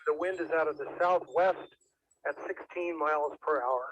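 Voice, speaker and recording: A man's voice: on the high side, fairly bright tone. A man acting as net control, formally reading a radio check-in script. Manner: measured, formal announcing. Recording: dull radio audio with faint hiss.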